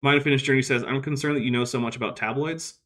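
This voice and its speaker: A man hosts a relaxed livestream. His voice sits at an ordinary middle pitch, and he reads out chat comments and answers them with dry, skeptical asides spoken close to a desk mic. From United States. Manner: wry, skeptical, quick asides. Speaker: host. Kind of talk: casual livestream chat reading viewer comments.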